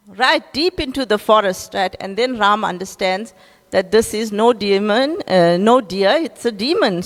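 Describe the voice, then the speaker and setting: A woman's voice: a little high, long reverb tail. A woman with a South African accent telling a scripture story in a class. She keeps checking in with her listeners, asking "right?" after each point.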